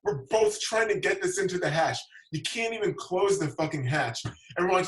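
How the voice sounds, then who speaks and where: A man's voice: a little high, normal speed, fairly bright tone, roomy sound, recorded from a distance, rough recording. A man telling a long, rambling story in casual chat, swearing freely and repeating himself as he goes. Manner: rambling, profane, repeats words.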